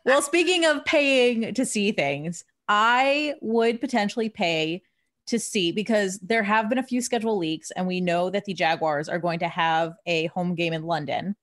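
A young woman co-hosting a sports talk show, telling stories in an animated, jokey way in casual chat. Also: mid-range voice, moderate pace. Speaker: sports podcast co-host.

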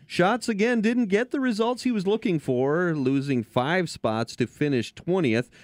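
A man hosting a racing talk show, reading race results in a steady, scripted way. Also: sits high, a little slow, no echo, clean studio sound.

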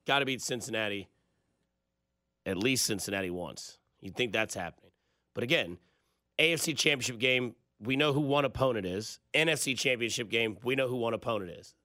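A man's voice: medium pitch, fairly quick, bright, forceful tone, no echo. A man hosting a sports radio show, casual and jokey, on a close studio mic. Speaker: radio host.

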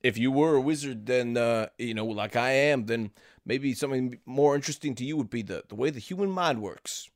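A man's voice: mid-range voice, a little fast, dry recording, studio quality. A man improvising a comedy movie recap, rambling and laughing often, sometimes playing a role. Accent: drifts into a Southern US accent. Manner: rambling, laughs often, slips into playful characters. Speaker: comedy podcast co-host.

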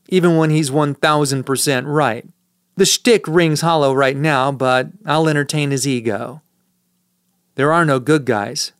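A man's voice: medium pitch, clean tone, no room sound. A man narrating a first-person audiobook in a dry, sardonic manner, recorded on a close studio mic.

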